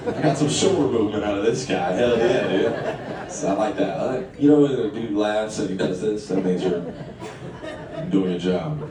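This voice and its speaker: A man's voice: fairly low pitch, moderate pace. A man, doing a stand-up comedy set in a conversational way and chuckling through his lines. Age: late 20s. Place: live comedy venue, echoey room. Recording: echoey live room, distant, crowd ambience.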